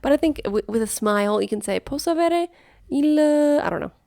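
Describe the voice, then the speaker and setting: Brief: American woman, heavy vocal fry, dry close sound, thoughtful co-host. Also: medium pitch, lively intonation, quick pace, darkish tone, dry recording. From United States. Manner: thoughtful, self-correcting. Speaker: podcast co-host. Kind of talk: casual chat.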